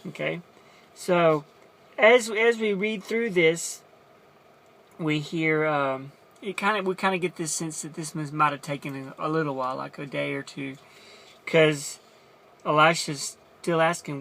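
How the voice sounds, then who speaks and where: Bright-voiced man retelling a Bible story. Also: fairly high pitch, normal speed, gravelly. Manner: chatty, restarts and explains as he goes. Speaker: Bible teacher.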